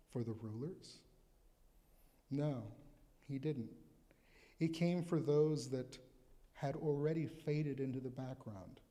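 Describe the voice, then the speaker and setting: A man's voice: medium pitch, warm tone, big-room sound. A male pastor preaching at a live church service, talking in a conversational, reflective way and reading scripture aloud. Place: church sanctuary.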